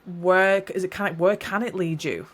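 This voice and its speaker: A woman's voice: lowish voice, fairly even intonation, moderate pace. A woman hosting a solo podcast, talking in a reflective, encouraging, rambling way and often correcting herself mid-sentence. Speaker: podcast host.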